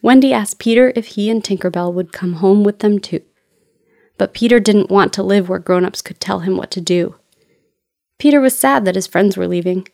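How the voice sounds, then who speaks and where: A woman narrating a children's storybook in a clear, steady storytelling voice. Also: medium pitch, moderate pace, dry recording, clean studio sound.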